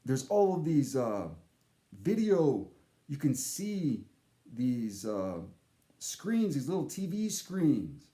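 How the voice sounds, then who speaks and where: Animated rambling male storyteller. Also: medium pitch, takes it slowly. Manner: rambling, swears, self-interrupting. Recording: roomy echo.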